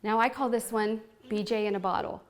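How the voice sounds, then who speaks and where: A woman's voice: medium pitch, steady tone, fairly quick. A woman hosting a home party for a live group and demonstrating products, talking in a playful, cheeky way with frequent asides to the room. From Oregon.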